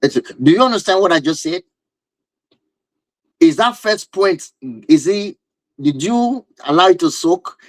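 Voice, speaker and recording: A man's voice: high-pitched, lively intonation, unhurried, pauses often, no echo, rough recording. A man giving a live-stream talk on relationships and marriage, emphatic and driving his points home with repeated rhetorical questions.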